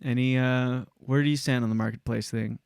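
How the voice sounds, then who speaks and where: A man's voice: medium pitch, fairly even intonation, a little fast, vocal fry, a little mellow. A man co-hosting a podcast, arguing in casual chat, blunt and sarcastic, talking over his partner. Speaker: podcast co-host.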